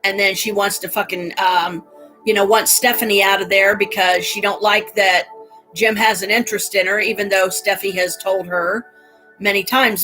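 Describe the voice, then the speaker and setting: A woman's voice: mid-range voice, steady tone, normal speed, sharp tone, faint music behind, low-quality recording. A middle-aged woman on a casual livestream, venting angrily with lots of swearing about a family quarrel. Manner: angry, profane ranting.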